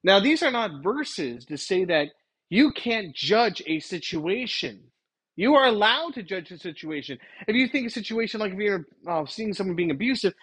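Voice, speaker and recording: Guy preaching off the cuff, kinda husky higher voice, rambles and corrects himself. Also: very animated, normal speed, a bit bright. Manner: rambling, self-correcting, retells scenes with quoted voices. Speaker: Christian commentator. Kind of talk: informal preaching monologue.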